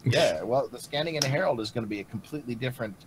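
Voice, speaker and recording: A man on a casual gaming talk show, speaking haltingly and restarting his sentences often. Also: medium pitch, animated, background noise.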